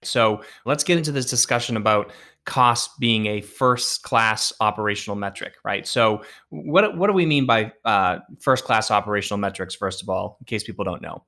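Bright-voiced male interviewer. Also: lowish voice, moderate pace, hardly any pauses. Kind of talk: casual interview questions.

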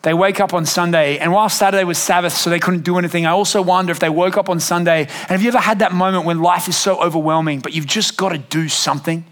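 A man, a pastor telling a lively family story in a sermon and acting out the voices. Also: sits high, fast, few pauses. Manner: animated, acts out family voices.

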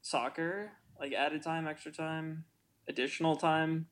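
A man's voice: on the high side, fairly even intonation, measured pace, fairly bright tone. Laid-back American man in podcast chat. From United States. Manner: laid-back, swears freely, chuckles. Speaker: podcast co-host. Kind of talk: casual film podcast chat.

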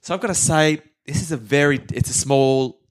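A man co-hosting a casual history podcast, telling the story with animated flair and quick voices for the people in it. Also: a little high. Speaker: podcast co-host.

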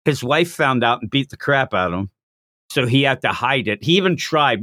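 Guy on a podcast recapping manga, pitch jumping all over, dry close sound. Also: no echo. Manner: animated, jokey retelling with quick acted quotes. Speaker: podcast host. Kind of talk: casual manga recap chat.

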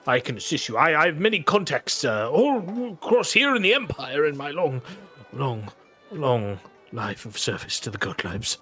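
A man's voice: a little high, very animated, moderate pace, pushed and bright, faint music behind. A jittery old servant who fawns over his betters and stumbles through every sentence, as a game master puts him on. He pleads and repeats himself while his voice wavers with nerves. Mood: flustered. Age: older. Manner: stammering, pleading, flustered. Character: nervous, fawning old male servant of a noble house.

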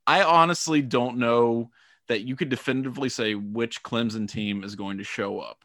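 A man co-hosting a sports podcast, giving measured, analytical takes and thinking aloud. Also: medium pitch, fairly even intonation, a bit bright, no room sound, clean studio sound. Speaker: podcast co-host.

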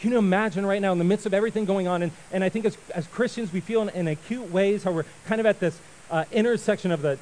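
A male pastor giving a sermon, telling a story with lively acted-out voices before turning to prayer. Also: sits high, a little hiss or hum, poor audio. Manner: animated storyteller, acts out voices and shouts.

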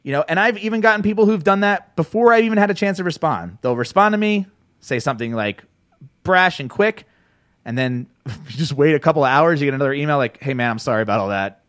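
A New Jersey man hosts a podcast, chatting casually in a rambling, animated way with plenty of swearing and frequent restarts. His voice is fairly high and quick, recorded with studio quality and no echo.

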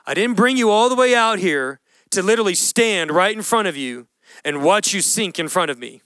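A man preaching a sermon, telling a Bible story in a casual, animated way and acting out the voices. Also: high voice, normal speed, no room sound. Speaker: pastor.

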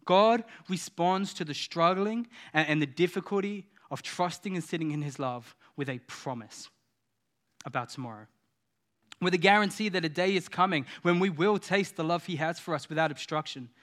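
Man, pastor, sermon, high-pitched, impassioned, hushed to rousing. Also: moderate pace. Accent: Australian.

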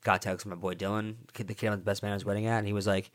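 A young man, telling animated, profanity-laden sports stories in casual chat. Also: lowish voice, very fast.

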